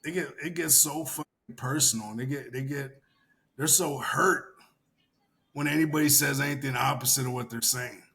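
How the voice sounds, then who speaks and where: A man casually chatting on a podcast, animated, laughing often and swearing freely. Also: moderate pace, vocal fry. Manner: animated, mimics commenters in loud high-pitched yelling. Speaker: podcast co-host.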